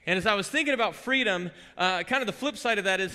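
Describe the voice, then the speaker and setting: A bright, forceful male voice preaching in a church hall with a long, ringing reverb. He is a man in his forties from Southern California, giving a sermon in a conversational, animated way, full of stories and rhetorical questions. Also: high voice, fast, clear, resonant tone. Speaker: guest preacher. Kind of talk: sermon with personal storytelling. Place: church sanctuary.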